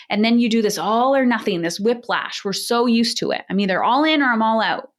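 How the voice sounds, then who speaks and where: A woman's voice: a little high, animated, a little fast, few pauses. A woman parenting coach in a podcast interview, talking in a direct, emphatic coaching manner.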